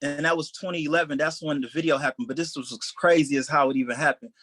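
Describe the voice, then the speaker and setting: Fast-talking man. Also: on the high side, slight background noise. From Detroit, USA. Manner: animated, acts out quoted voices. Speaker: stand-up comedian. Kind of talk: storytelling anecdote.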